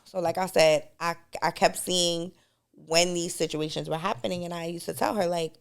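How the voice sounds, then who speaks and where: A woman's voice: lowish voice, fairly even intonation, normal speed, creaky, clear, resonant tone. A woman co-hosting a podcast, telling stories in casual chat and breaking into laughter. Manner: storytelling, bursts into laughter. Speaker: podcast co-host.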